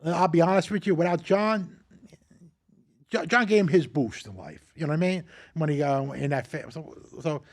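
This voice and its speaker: An older man hosting a casual chat, telling animated, profane stories and acting out what others said. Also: a little high, moderate pace. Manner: animated, profane, acts out quotes. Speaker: host.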